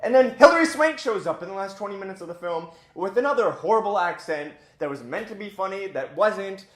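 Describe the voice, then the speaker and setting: A man's voice: high-pitched, lively intonation, a little fast, reverberant. A man giving a casual, blunt and opinionated spoken film review as host of his own channel, chatty with plenty of filler words.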